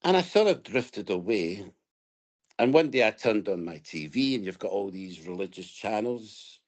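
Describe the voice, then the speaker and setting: A man's voice: fairly low pitch, animated, moderate pace. A Scottish man from Scotland, a guest in an interview, telling his personal story in a reflective, storytelling way with hesitant restarts.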